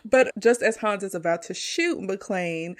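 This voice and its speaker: A woman's voice: medium pitch, measured pace. A young woman hosting a casual movie review podcast, walking through the plot and laughing often. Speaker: podcast host.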